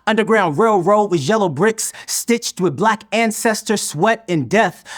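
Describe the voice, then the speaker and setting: A man performing spoken word poetry in a slow, measured, deliberate recitation. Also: high voice.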